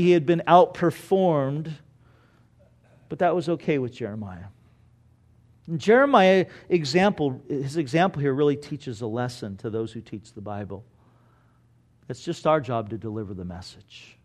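A man preaching a sermon, telling the story in an animated way that rises loud for emphasis and drops low and quiet.

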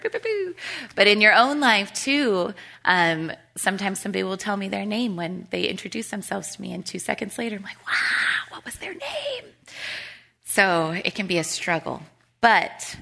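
A woman's voice: on the low side, creaky, pushed and bright. A woman in her thirties teaching a women's Bible study, chatty and storytelling, often laughing.

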